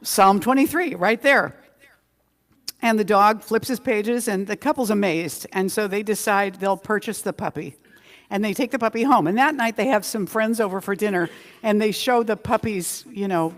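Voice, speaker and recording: A woman's voice: medium pitch, normal speed. A woman minister giving a conversational Sunday sermon, drawing out key words for emphasis. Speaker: senior minister. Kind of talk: Sunday sermon with a joke story. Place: community center hall. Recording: long hall reverb.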